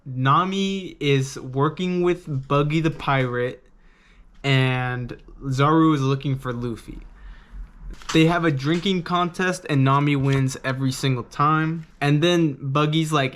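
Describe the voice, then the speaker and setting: An excitable man rambles through a casual manga review, swearing freely and leaning on filler words. His voice sits a little high for a man. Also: measured pace.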